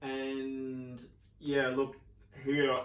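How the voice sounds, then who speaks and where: A man giving a relaxed piano lesson, explaining casually with fillers and sometimes singing rhythms in syllables. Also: mid-range voice, extremely slow. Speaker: piano teacher. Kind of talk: relaxed spoken piano tutorial. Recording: roomy sound with loud piano. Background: piano playing.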